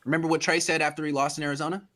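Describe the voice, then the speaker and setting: A man's voice: a little high, flat delivery, rapid-fire, sharp tone. A man hosting a sports podcast, venting heatedly about a quarterback's performance. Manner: heated, ranting, mimics the quarterback in quotes. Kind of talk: animated sports talk.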